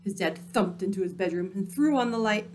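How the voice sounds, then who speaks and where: A woman reading a picture book aloud, dramatic and dropping into hushed, spooky tones. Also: medium pitch, lively intonation, brisk, a little hiss or hum. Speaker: storyteller.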